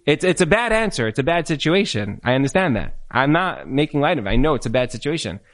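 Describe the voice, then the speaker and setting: A man answering marriage questions in a live Q&A, animated, full of restarts, acting out spouses' complaints. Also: on the high side, fast talker. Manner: animated, repetitive restarts, acts out quoted spouses. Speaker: relationship speaker. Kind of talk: Q&A talk to a live group.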